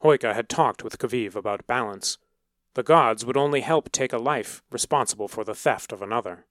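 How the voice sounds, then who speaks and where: A male storyteller reading with a measured, dramatic delivery at a mid pitch. The recording is close and dry, with no room sound. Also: fairly bright tone, no echo. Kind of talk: scripted narration.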